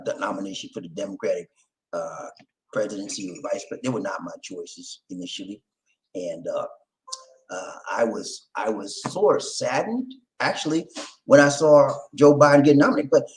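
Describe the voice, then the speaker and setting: A man hosting his own video channel, talking casually straight to his viewers, shouting out names and preaching about community. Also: on the low side, rough recording. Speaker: vlog host. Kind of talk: casual direct-to-camera chat.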